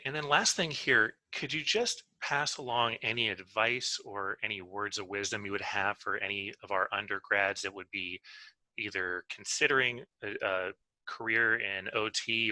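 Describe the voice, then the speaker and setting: A man interviewing a guest and asking a polite, slightly halting question for students. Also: fairly low pitch, steady tone, pushed and bright, no room sound, poor audio. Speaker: interviewer and professor.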